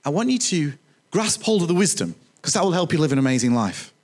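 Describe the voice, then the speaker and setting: A male pastor preaching a sermon in a church, chatty and animated, with humorous asides to the congregation. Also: a little high, fast talker.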